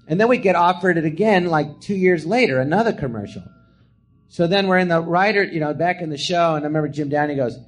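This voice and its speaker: A man's voice: fairly high pitch, quick pace, faint music behind. Middle-aged man telling stories animatedly. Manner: animated storyteller, acts out quotes in a hushed voice. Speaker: comedian telling stories from his career. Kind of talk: casual storytelling chat. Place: small live podcast theatre.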